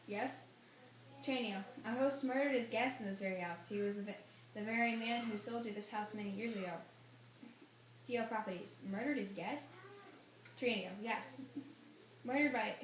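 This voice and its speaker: Brief: female student reading a play script, mid-pitched, echoey room. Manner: reads stage directions and lines with mild emphasis. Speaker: student reader. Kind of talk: reading a play script aloud, all parts. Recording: echoey room, faint noise.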